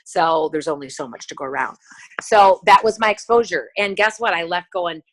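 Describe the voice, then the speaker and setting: A woman leading a motivational sales conference call, chatty and animated, acting out conversations as she tells stories. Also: fairly low pitch, fairly quick, rough recording. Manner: chatty and animated, acts out dialogue. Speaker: team leader on a sales call.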